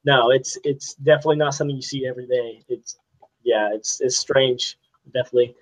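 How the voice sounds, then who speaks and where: A man's voice: mid-range voice, fairly even intonation, a little fast. A teenage boy being interviewed, telling stories in a youthful way and laughing often. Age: teens. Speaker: guest photographer. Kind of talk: casual interview chat. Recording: dull, lo-fi sound.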